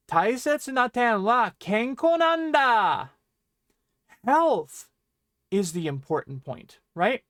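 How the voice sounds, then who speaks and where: High-voiced man teaching a language lesson. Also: dry recording, studio quality. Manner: friendly explaining, often checking in with "right?".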